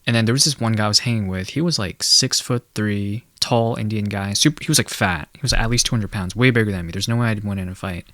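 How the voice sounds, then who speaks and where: A man's voice: fairly low pitch, fast, few pauses, fairly bright tone, no echo, clean studio sound. A young man ranting casually to camera, rambling with lots of fillers, blunt and sardonic. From Asia. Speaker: commentary video host. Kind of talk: casual rant monologue.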